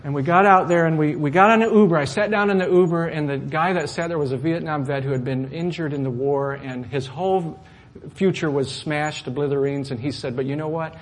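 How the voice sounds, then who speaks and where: A middle-aged male pastor telling a personal story in a sermon, swinging from loud, animated outbursts to soft asides. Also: a little high, fairly quick. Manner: animated storyteller, rising loud when acting out anger, dropping soft for asides.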